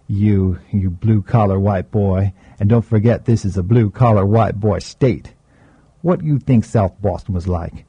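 A man's voice: on the low side, husky, no echo, muffled recording. A man voicing a graying, streetwise older man who talks in a laid-back, teasing drawl.

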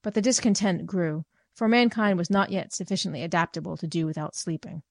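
A woman reading a short story aloud in measured, clear scripted narration. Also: on the low side, dry recording, studio quality. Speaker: reader.

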